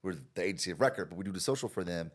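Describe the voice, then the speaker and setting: An American man talking with a fairly low voice that swings widely and expressively. He is a guest on a podcast, an expert explaining ideas through stories and playing out the other people in them. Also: very fast. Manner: animated, acts out quoted people with big jumps in voice. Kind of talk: conversational interview storytelling.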